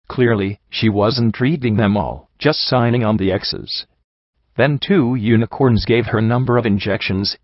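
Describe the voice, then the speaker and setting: A man reads a long story aloud in a lowish voice, barely changing it between characters. The recording is dry and a little muffled, with no room sound. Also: no room sound. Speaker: audiobook narrator. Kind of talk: fan fiction audiobook reading.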